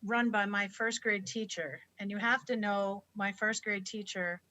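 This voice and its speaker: Woman, stand-up comic, bright forceful voice, upbeat storytelling, video call. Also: medium pitch, fairly even intonation, measured pace. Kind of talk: comedic storytelling.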